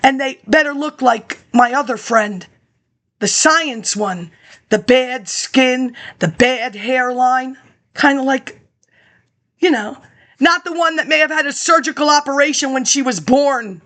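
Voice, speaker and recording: A woman's voice: high-pitched, a little slow, fairly bright tone. A woman rambling through a monologue, reading old papers aloud and jumping between topics with sarcastic asides.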